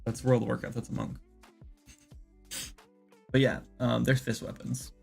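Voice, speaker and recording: A man with a gravelly, fry-laden voice at a middle pitch talks his way through ideas on a casual livestream. He rambles and circles back, packing his sentences with fillers. Soft music plays faintly underneath him. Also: level tone, measured pace. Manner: rambling, filler-heavy, thinks aloud. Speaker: indie game developer streaming.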